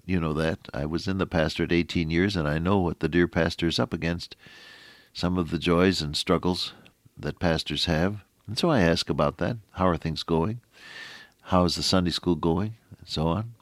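A middle-aged man preaching a folksy radio sermon, quoting scripture in an animated way. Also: low voice, moderate pace, dry recording.

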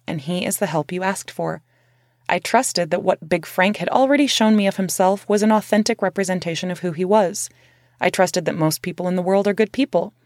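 A woman's voice: medium pitch, dry recording, studio quality. A woman reading her memoir aloud as narrator, in a candid, conversational way with casual swearing.

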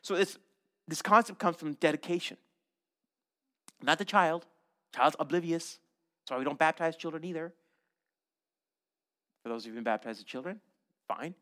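A middle-aged man preaching a sermon in a church, animated and conversational, often checking in with "right?" and slipping in jokes. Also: a little high, normal speed, pauses often. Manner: animated, conversational, frequent "right?" asides and joking. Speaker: pastor.

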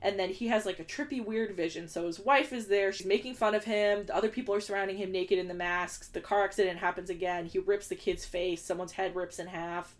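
A woman's voice: medium pitch, fairly even intonation, brisk, hardly any pauses. A young woman co-hosting a podcast, recapping a film in casual chat and acting out quoted lines in exaggerated voices. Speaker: podcast co-host.

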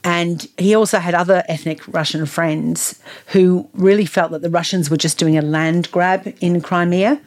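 Brief: woman podcast co-host, lowish voice, relaxed storyteller who talks things through with many fillers. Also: normal speed. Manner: chatty, recounts news at length with frequent fillers. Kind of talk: casual conversational storytelling.

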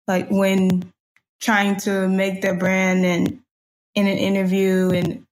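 A young woman asking her question tentatively, pausing and hedging as she goes. Her pitch stays notably flat, and she sits at a middle register. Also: rough recording. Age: young adult. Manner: hesitant, with fillers. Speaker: student guest.

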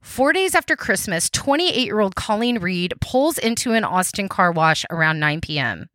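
True crime podcast host, woman, chatty storyteller, lively pitch, dry close sound. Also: normal speed, no echo. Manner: chatty, many restarts and fillers, addresses listeners as guys. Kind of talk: casual storytelling narration.

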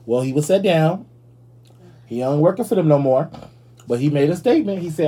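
A man hosting a podcast in casual commentary, sassy and animated, swearing freely. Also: on the high side, a little fast, long pauses, breathy edge. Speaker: podcast host.

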